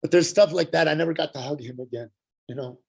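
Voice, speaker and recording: Gravelly husky middle-aged man sharing his story. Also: a little high, a little mellow. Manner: halting, earnest storytelling with many fillers and restarts. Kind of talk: personal recovery share. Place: Santa Fe.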